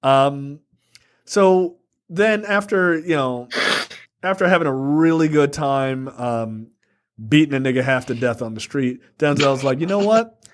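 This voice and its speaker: A man's voice: mid-range voice, a little slow. A man co-hosting a casual film review podcast, recapping the plot in a rambling, profane way. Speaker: podcast co-host.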